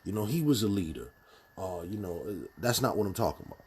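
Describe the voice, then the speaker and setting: A man's voice: on the low side, lively intonation, fast, a little mellow, a little hiss or hum. A man giving a casual, blunt spoken commentary, emphatic and full of restarts. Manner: emphatic, many fillers and restarts, speaks bluntly.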